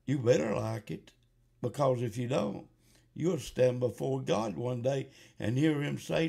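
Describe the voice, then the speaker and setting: Gravelly preacher, slow and fervent. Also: male voice, a little high, lively intonation. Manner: slow, building to shouted fervor. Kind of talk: fiery revival sermon.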